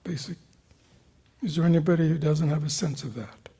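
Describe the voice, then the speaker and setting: A man's voice: on the high side, fairly quick. A man teaching meditation to a retreat group, questioning his listeners and often dropping to a whisper. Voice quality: gravelly, husky. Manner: questioning, engaging the audience with repeated "right?" and "you know"; drops into soft whispers at times. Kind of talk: dharma talk to a retreat group. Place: meditation hall with a live group.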